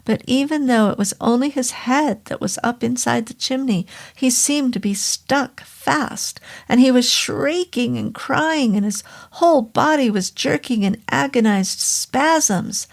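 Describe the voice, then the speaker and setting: A woman reading a horror novel aloud as an audiobook, in a slow and measured way. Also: on the high side, creaky. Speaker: audiobook narrator.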